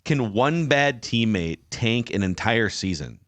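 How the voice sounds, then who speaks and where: Deep-voiced man reading listener questions. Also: lively intonation, fairly bright tone, no echo. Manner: measured storyteller, reads listener questions. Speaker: podcast host, reporter. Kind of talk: casual chat.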